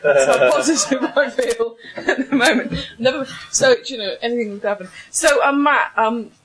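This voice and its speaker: A woman's voice: on the high side, expressive, moderate pace, over a noisy crowd, rough recording. A woman hosting a comedy panel, chatty and hesitant, with plenty of ums. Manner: chatty, hesitant, self-mocking. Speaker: host.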